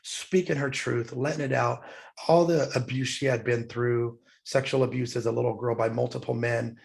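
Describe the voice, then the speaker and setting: A man's voice: mid-range voice, steady tone, normal speed, gravelly, a little mellow. A middle-aged man, a podcast guest, telling a personal story in an earnest, heartfelt way, getting emotional as he speaks.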